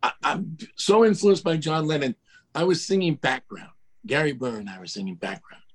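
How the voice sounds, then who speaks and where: Husky older man telling animated stories. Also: a little high, normal speed. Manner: animated storyteller, mimics voices, laughs at himself. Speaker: guest, music producer. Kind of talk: casual storytelling interview.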